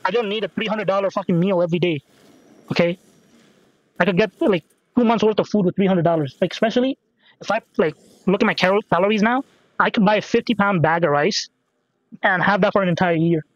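A young man with a high voice chats loosely while gaming, swearing, joking and cutting himself off mid-thought. The recording is dry and a bit dull and lo-fi. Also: fast talker, no room sound. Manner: rambling, profane, jokey, self-interrupting. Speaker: gaming podcast host. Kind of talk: casual rambling chat while playing.

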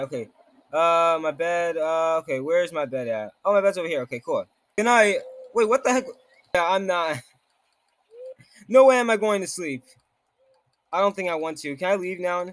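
Jumpy high-voiced male game streamer. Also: lively intonation, moderate pace, pauses often, a bit bright. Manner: jumpy, exclaims often, reads game text aloud. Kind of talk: gameplay commentary.

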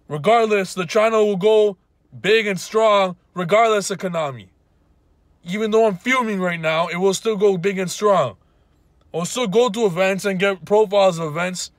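Indignant high-voiced young man ranting. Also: a bit bright, dry recording. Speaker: YouTube gaming channel host. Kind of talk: ranting vlog to camera.

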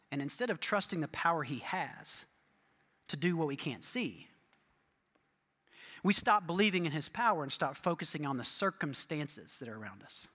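A male pastor preaching a sermon with animated storytelling, often asking listeners "right?". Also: high voice, big-room sound.

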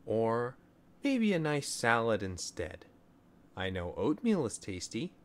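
A man's voice: medium pitch, slow. A man voicing a firm, patient mother. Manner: calm, firm and plainly spoken. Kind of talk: storybook reading.

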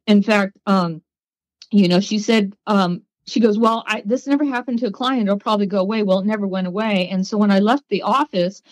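A woman guest on a podcast, telling her story in a lively way and acting out the voices of people she quotes. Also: medium pitch, fairly quick, dry recording, rough recording. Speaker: guest, psychic.

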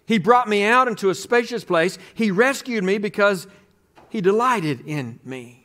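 A man with a notably high voice delivers a sermon as pastor. He speaks with earnest emphasis and reads scripture passages aloud to the congregation. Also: expressive, unhurried, fairly bright tone.

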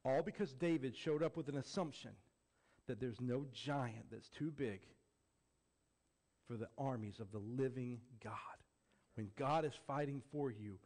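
A man preaching a sermon as a pastor, building to emphatic peaks and then dropping low and quiet. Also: measured pace. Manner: acts out quoted voices with jokey flair.

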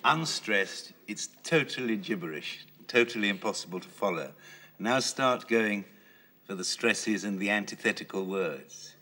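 A man's voice: lowish voice, lively intonation, a little slow, bright, forceful tone. A middle-aged man with a precise, persistent way of explaining, leading an acting masterclass. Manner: precise, persistent, insists on his point. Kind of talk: explanatory, probing coaching.

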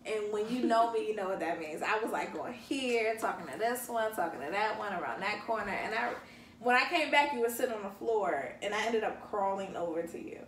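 A woman's voice: mid-range voice, animated, a little fast. A woman co-hosting a podcast in casual chat, playful and teasing as she tells stories. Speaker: podcast co-host. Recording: roomy echo, distant mic, faint noise.

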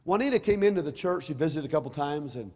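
Emphatic preaching pastor in echoing sanctuary. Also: male voice, a little high, expressive, quick pace, a little mellow. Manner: emphatic preaching that swells and drops, storytelling. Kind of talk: sermon with personal story. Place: church sanctuary. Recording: reverberant hall.

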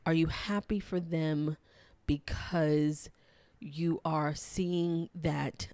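Low-voiced earnest woman podcast host. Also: steady tone, takes it slowly, darkish tone, no room sound. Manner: reflective, earnest, with many fillers and repeated phrases; acts out quoted voices in a higher pitch. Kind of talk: solo motivational podcast talk.

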